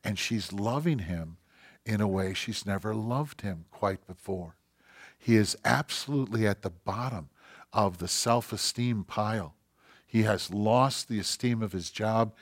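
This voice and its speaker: A man preaching a sermon as pastor, passionate, swinging between loud emphasis and quiet intensity. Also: on the low side, unhurried.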